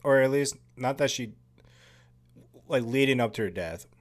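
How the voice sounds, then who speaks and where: A man's voice: mid-range voice, moderate pace. Laid-back man chatting over a film. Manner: laid-back and chatty, laughing often, casual swearing. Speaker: podcast host. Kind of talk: casual movie commentary.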